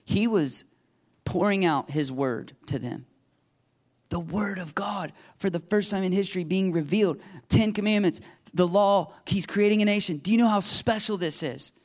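A man's voice: high-pitched, moderate pace. A middle-aged man preaching a sermon in a conversational, emphatic way, acting out the voices he quotes. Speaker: pastor.

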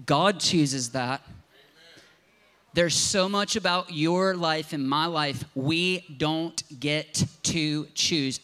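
Bright, high-voiced preaching man. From Southern Ohio. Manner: impassioned, conversational storytelling. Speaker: pastor. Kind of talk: sermon.

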